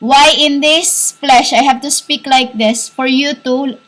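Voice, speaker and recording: A woman giving a rambling spiritual monologue, halting and repetitive, scolding her listeners as "humans". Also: high voice, steady tone, a bit bright, poor audio. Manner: scolding, insistent. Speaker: self-styled spiritual teacher.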